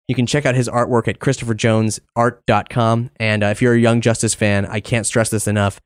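A man's voice: mid-range voice, little pitch movement, a little fast, hardly any pauses. A man hosting a podcast, casually reading out donor thanks and messages in an upbeat way. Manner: upbeat, reads donor messages, laughs easily. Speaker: podcast host.

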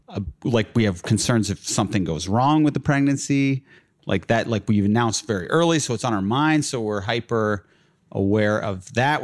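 A young man telling a long personal story in a casual chat as a guest, full of fillers like "like" and "uh". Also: medium pitch. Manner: rambling, filler-heavy, laughs through his stories.

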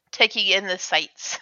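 Bright laughing woman, lo-fi sound. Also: medium pitch, dry recording. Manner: laughs often, playful. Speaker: podcast co-host. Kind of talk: casual movie commentary.

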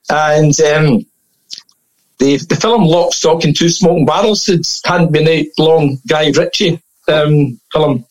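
A man's voice: a little high, moderate pace, husky, low-quality recording. A man telling anecdotes as a podcast guest in a casual, chatty way, laughing often and full of fillers and restarts.

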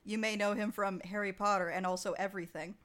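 A young adult woman co-hosting a podcast, recapping a film in animated casual chat with frequent laughs and swearing. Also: mid-range voice, fast.

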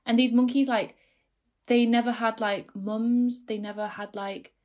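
An excitable young woman tells a story in casual podcast chat. Her voice sits a little high, and she rambles with plenty of fillers as she gets emotional over it. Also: a little slow.

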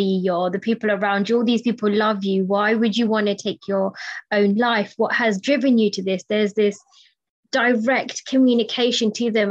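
British woman host, dull lo-fi audio. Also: mid-range voice. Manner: thoughtful, measured, uses fillers. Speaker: podcast host. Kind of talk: podcast conversation.

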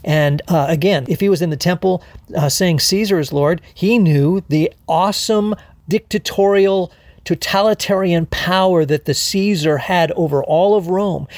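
A man's voice: sits high, moderate pace, darkish tone, no room sound. Man preaching an expository sermon. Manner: expository, explains Greek words, rhetorical questions; fillers and restarts. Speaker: pastor.

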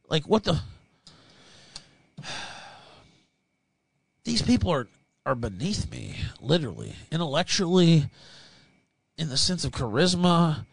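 Man, high voice, very lively pitch, bright and sharp, angry profane rant, shouting then muttering. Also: dry recording. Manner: shouting, swearing, mocking, swings between yelling and muttering. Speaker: livestream host.

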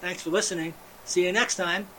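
A man hosting a satirical comedy monologue, ironically swinging between hushed, mellow murmurs and sudden loud outbursts. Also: sits high, steady tone, fairly quick, a little hiss or hum. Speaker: show host.

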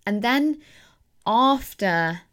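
A woman's voice: on the high side, animated, extremely slow, fairly bright tone, clean tone. A woman hosting her own podcast as a coach, talking in an earnest, reflective way and doubling words for emphasis. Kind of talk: casual solo podcast talk.

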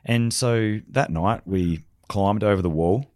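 Deep-voiced man telling war stories. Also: measured pace, a little mellow, no echo, clean studio sound. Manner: vivid anecdotes, acts out quoted dialogue. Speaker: leadership consultant, special forces veteran. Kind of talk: storytelling podcast conversation.

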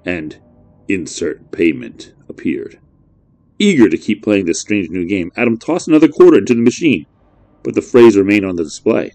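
Deep-voiced man narrating a horror story. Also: sing-song, mellow, no echo, faint music behind. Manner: measured, brooding storytelling.

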